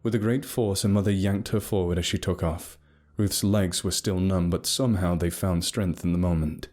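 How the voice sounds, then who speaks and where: A man narrating a scripted horror story in a steady, grave storytelling manner. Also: sits low, moderate pace. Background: soft music.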